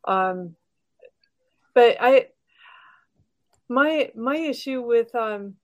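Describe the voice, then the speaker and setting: A woman's voice: fairly high pitch, lively intonation, extremely slow. A woman co-hosting a casual podcast, speaking thoughtfully with some hesitation. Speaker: podcast co-host. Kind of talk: casual chat.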